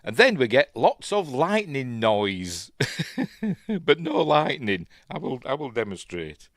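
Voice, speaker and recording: A man's voice: medium pitch, wildly swooping pitch, takes it slowly, no echo, studio quality. A man with a Yorkshire accent casually commentating on an old film as he watches, rambling and chatty with lots of fillers. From Yorkshire, England. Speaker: film review host.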